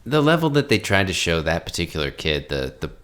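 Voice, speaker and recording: A man's voice: deep voice, sing-song, brisk, fairly bright tone. A man co-hosting a movie podcast, speaking incredulously about a film scene. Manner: incredulous, quotes film lines with a lifted voice. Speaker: podcast co-host. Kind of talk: casual movie review chat.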